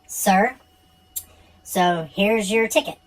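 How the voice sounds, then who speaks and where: A curt, stern police officer speaks in short, flat sentences, as a man puts him on while telling a story. The voice stays close to the storyteller's own. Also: sits high, very slow. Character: stern male police officer issuing a ticket.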